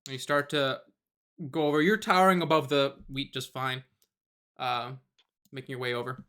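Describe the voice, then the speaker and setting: A man running a tabletop game as game master, narrating scenes in a relaxed way and laughing easily. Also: mid-range voice, normal speed, clean tone.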